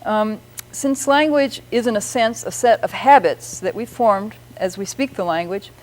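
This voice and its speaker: A middle-aged woman, a linguist explaining language structure on a radio show, patient and slowing down to demonstrate sounds. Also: medium pitch, poor audio.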